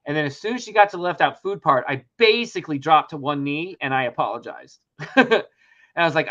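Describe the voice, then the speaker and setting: Middle-aged man, bright tense voice, animated storytelling, lots of swearing, dull lo-fi recording. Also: a little high, brisk. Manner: animated, swears a lot, acts out dialogue. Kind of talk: casual storytelling chat. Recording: dull lo-fi sound.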